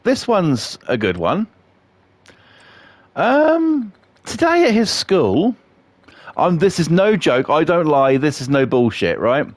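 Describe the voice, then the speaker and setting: A man's voice: fairly high pitch, big pitch swings, takes it slowly, no echo. A middle-aged man streaming live, chatting casually and telling rambling, sweary stories while he laughs at his own jokes. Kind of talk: casual storytelling while playing a game live.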